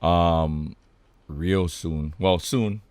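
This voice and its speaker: A man from Hawaii, co-hosting a podcast and telling stories in an animated, laughing way, full of slang like dude and bro. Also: low-pitched, extremely slow, no echo. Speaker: podcast co-host. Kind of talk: casual storytelling chat.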